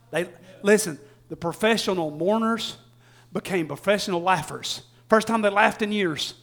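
High-voiced preacher, shouting then hushed. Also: male voice, normal speed, gravelly. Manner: swings from shouting to hushed, acts out quotes; folksy, laughs often. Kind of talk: sermon.

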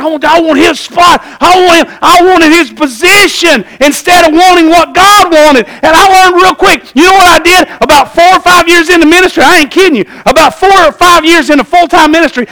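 A middle-aged man preaching a sermon, telling lively stories and calling out "Amen?" to the congregation. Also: very high voice, rough recording. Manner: animated storytelling, calls out "Amen?" to the congregation. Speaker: pastor.

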